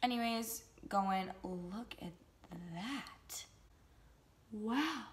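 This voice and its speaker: A woman's voice: a little high, drawn-out words. A young adult woman chatting casually through a makeup tutorial, with goofy joking asides. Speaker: beauty vlogger.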